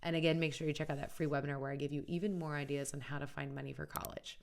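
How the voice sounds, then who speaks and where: Low-voiced earnest woman host. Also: flat delivery, rapid-fire, vocal fry. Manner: earnest, conversational, often adds "right?". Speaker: college funding educator and channel host. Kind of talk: casual educational video talk.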